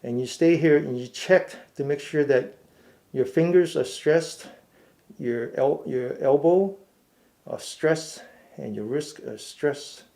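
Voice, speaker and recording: A middle-aged man leading a seated mindful fitness class, giving slow, patient step-by-step cues. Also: a little high, gravelly, warm tone. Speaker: fitness and meditation instructor. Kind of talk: guided seated exercise class.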